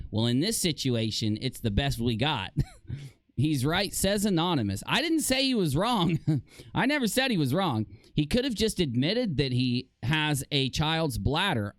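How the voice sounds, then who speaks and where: A man live streaming, talking casually to his chat with a sarcastic, animated manner and frequent self-mocking laughs. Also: fairly high pitch, no echo.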